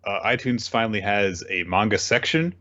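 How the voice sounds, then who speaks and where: A man's voice: on the low side, normal speed, pushed and bright, dull audio. A man hosting a podcast, recapping a comic casually with fillers and the odd swear word. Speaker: podcast host.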